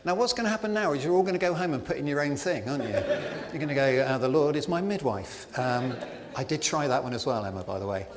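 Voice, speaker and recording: Chatty preacher in a reverberant hall. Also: male voice, fairly high pitch, expressive, fast, a crowd in the background. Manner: chatty and self-deprecating, many fillers. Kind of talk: conversational sermon. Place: church hall. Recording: reverberant hall with faint ambience.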